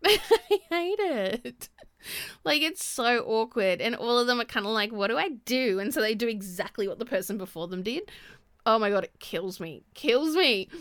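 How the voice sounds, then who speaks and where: A woman's voice: medium pitch, a bit bright, no room sound, clean studio sound. A woman hosting a casual solo podcast, talking frankly, swearing and laughing often. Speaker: podcast host.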